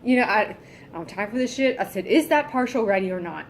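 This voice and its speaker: A woman's voice: medium pitch, lively intonation, fast, slight background noise. A woman venting in a casual vlog, exasperated and heavily profane, sighing often. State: fed up and irritable. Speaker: vlogger.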